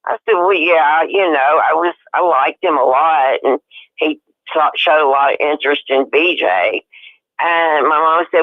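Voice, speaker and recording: A woman caller telling a personal story over the phone, emphatic and growing loud and heated. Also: low voice, measured pace, no room sound. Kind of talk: personal story on a call-in show. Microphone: telephone. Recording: tinny phone line.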